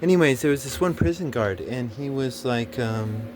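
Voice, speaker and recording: A man with a medium-pitched, expressive voice rambles through a personal story at a normal pace over a noisy background. It's a casual monologue full of frequent swearing, fillers, and restarts.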